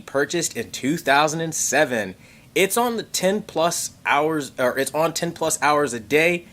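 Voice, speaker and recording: A man hosting a tech livestream in casual chat, excitable and rambling, swearing casually and thanking members. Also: mid-range voice. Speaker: tech channel host reading member messages on a livestream.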